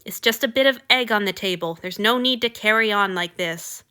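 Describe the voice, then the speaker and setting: Storybook figure: a woman doing a stern old vampire lord, curt and commanding, bright-toned. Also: medium pitch, brisk, clear, resonant tone, natural voice. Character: stern, aloof male vampire god, ancient. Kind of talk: audiobook fan fiction reading.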